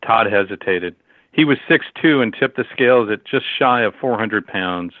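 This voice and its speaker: A man with a fairly low voice reads a story aloud at a steady, measured pace. The sound is dry and close, with no room around it. It comes through thin and tinny, like a phone line. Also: no echo. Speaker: narrator. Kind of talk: storybook narration.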